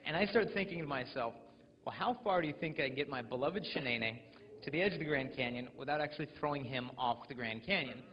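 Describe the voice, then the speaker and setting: A man's voice: mid-range voice, fast. A young American man in his twenties gives a humorous motivational talk at a school assembly, joking and acting out other people's voices. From United States. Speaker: abstinence speaker at a school assembly. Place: large school hall. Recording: echoey hall, dull lo-fi sound.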